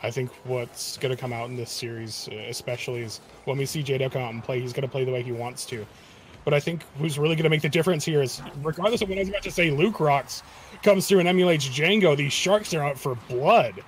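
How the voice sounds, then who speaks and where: A male esports color commentator offering quick predictions about how the series will play out. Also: mid-range voice, a little hiss or hum, rough recording. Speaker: esports analyst caster.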